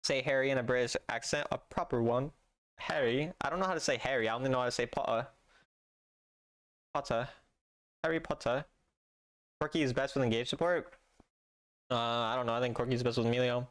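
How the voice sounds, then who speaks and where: A young streamer with a medium-pitched, fairly bright voice talks fast while playing a game live. He's laid-back, reading chat aloud and making dry jokes to his viewers.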